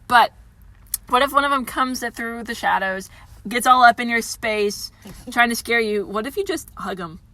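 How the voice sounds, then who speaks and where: A young woman co-hosting a casual chat, blunt and animated, swearing freely. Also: a little high, moderate pace, no echo. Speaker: podcast co-host. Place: inside a parked car.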